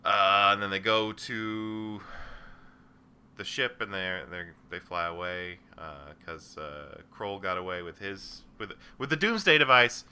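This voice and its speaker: A man's voice: deep voice, expressive, measured pace, bright, forceful tone, clean tone. A man hosting a casual movie chat, rambling through a plot recap with many fillers.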